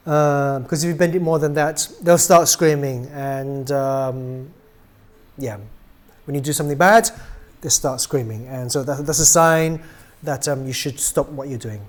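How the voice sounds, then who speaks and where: A middle-aged man casually demonstrating how to pose and reset a doll's joints, relaxed and chatty, with many ums, trailing off quietly at the ends of phrases. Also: mid-range voice, unhurried. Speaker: doll maker demonstrating a product.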